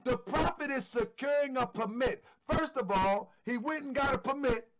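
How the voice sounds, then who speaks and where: A man's voice: extremely high pitch, normal speed, music in the background. A man hosting an online show, giving fervent religious commentary and repeating phrases for emphasis. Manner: fervent, sometimes shouting.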